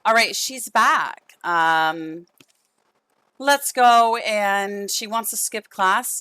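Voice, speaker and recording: A woman's voice: mid-range voice, extremely slow, pushed and bright, smooth, no room sound. A young woman streaming a life-sim game, chatting affectionately with viewers and her characters, losing her voice. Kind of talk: casual gameplay stream chat.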